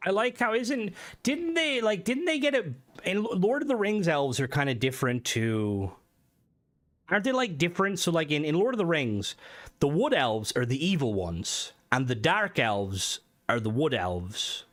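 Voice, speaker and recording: A man streaming a game and chatting casually with his viewers, rambling and swearing, with many fillers, and his voice jumps higher when he gets worked up. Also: big pitch swings, normal speed, a bit bright. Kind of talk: casual live-stream chat.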